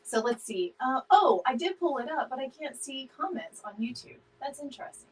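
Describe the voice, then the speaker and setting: A woman's voice: high voice, expressive, moderate pace, slightly rough, rough recording. A woman chatting casually with viewers during a live craft stream, laughing often and greeting people by name. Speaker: DIY home decor live streamer.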